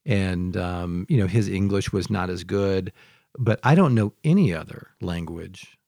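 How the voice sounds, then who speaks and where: Male host, low-pitched, dry close sound, playful and chatty. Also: a little slow, vocal fry, no echo. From Michigan, United States. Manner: lively, joking storyteller. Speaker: podcast host. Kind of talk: casual conversation.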